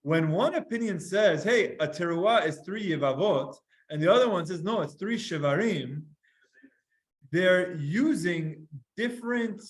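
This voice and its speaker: A man teaching a lively Gemara class to students, reading Hebrew lines aloud, translating them and acting out sighs and whimpers. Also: high voice. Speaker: Talmud teacher.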